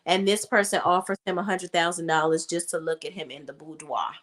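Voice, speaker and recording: A woman's voice: lowish voice, fairly even intonation, fairly quick, a bit bright. Sassy woman host. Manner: sassy, emphatic, says "okay?" and "honey" often. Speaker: podcast co-host. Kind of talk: casual gossip chat about reality TV.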